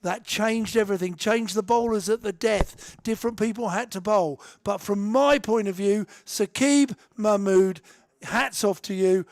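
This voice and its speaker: A man's voice: high-pitched, measured pace. A man giving live radio cricket commentary, enthusiastic and emphatic, often repeating himself. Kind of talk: radio sports commentary chat.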